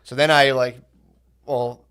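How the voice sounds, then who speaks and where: A man's voice: mid-range voice, level tone, slow pace, fairly bright tone, clean tone. A man in his thirties co-hosting a podcast, telling stories in a casual chat, laughing as he goes and acting out what people said. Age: 30s. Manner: laughs through his own stories, acts out quoted voices. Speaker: podcast co-host.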